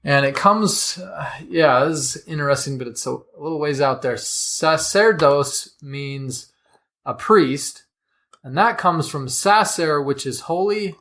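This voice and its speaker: A man's voice: a little high, moderate pace, gravelly, hardly any pauses, fairly bright tone. A man co-hosting a vocabulary podcast, reading dictionary definitions and explaining word roots with some hesitant fillers. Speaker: podcast co-host.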